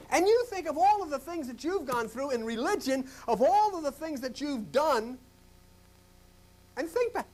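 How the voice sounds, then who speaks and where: An older male pastor from New Jersey preaching a sermon, swinging from loud, emphatic questions to hushed whispers. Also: very high voice, sing-song, normal speed.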